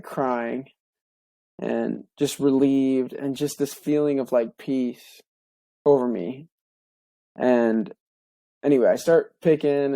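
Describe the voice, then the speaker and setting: Young male podcaster, mellow and dry-sounding, rambling earnest storyteller with lots of "like" and "um". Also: medium pitch, no echo. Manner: halting, many fillers and restarts, heartfelt. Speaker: podcast co-host. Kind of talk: personal story, casual monologue.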